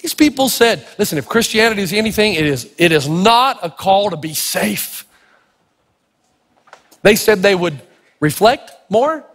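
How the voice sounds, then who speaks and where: Animated husky-voiced pastor preaching in a hall. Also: male voice, sits high, measured pace. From Tennessee. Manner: animated, acts out voices in stories. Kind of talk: storytelling sermon. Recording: long reverb of a large hall.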